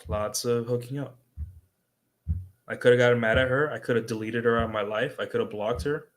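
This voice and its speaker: A man's voice: medium pitch, steady tone, a little fast. A young adult man on a livestream, talking casually as a dating coach and tagging his points with "right?". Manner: conversational, repeats "right?" as a tag.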